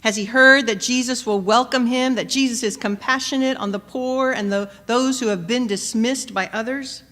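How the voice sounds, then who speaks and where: A woman preacher delivering a sermon, measured and questioning, rising to emphatic peaks and dropping soft. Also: a little high, fairly even intonation. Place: church. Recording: long church reverb.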